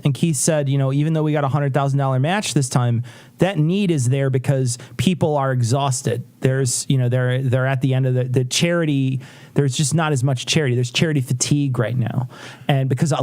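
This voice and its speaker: A man co-hosting a casual livestream chat, animated, laughing often and swearing casually. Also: on the high side. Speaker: podcast co-host.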